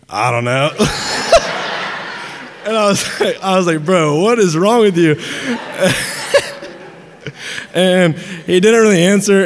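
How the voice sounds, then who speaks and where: A man's voice: a little high, big-room sound. A man in his twenties giving a funny toast as the groom's college roommate, telling anecdotes and laughing between lines. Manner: laughing, animated anecdotes with restarts. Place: large dinner venue.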